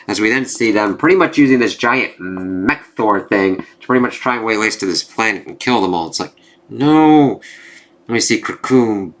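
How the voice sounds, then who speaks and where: A man's voice: lowish voice, a bit bright. A man reviewing a comic book in a casual, profane way, with lots of fillers.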